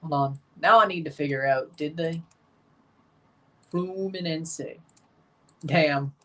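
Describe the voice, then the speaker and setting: A man's voice: on the high side, normal speed, sharp tone. Chatty man reacting to a football match. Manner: chatty, opinionated, talks to viewers. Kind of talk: casual livestream commentary.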